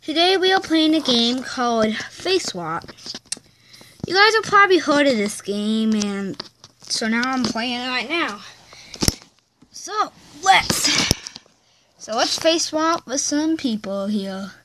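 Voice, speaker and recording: A woman hosting a casual video from her bedroom, chatting slowly and rambling with fillers as she plays with a phone app. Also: high-pitched, lively intonation, fairly bright tone, slight background noise. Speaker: video host. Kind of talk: casual chat while playing a phone app.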